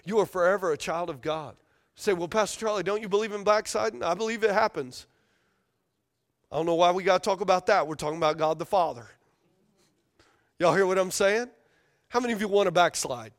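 A pastor preaching a sermon to a congregation in a church, talking with lively slang and calling for responses. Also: male voice, sits high, a little fast, long pauses. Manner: energetic, call-and-response with congregation, casual slang. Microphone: handheld or stage microphone.

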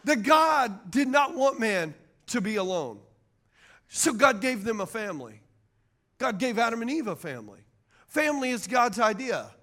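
A man's voice: very high voice, very animated, moderate pace, sharp tone. A man, preaching a sermon as pastor and calling to the congregation for amens and agreement. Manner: call-and-response preaching, asks the crowd for amens.

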